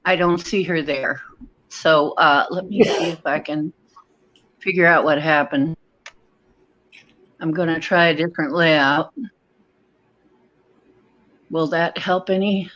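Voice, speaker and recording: Slow-talking, flustered live-stream host. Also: medium pitch, a bit bright, dull audio. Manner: flustered, thinking aloud while fiddling with settings. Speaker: podcast host. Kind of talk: casual live-stream tech troubleshooting. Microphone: video call.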